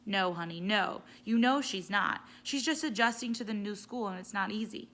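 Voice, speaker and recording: A woman doing a mother, tired, tender, hushed, soothing. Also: mid-range voice, moderate pace, natural voice. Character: tired, tender mother comforting her son.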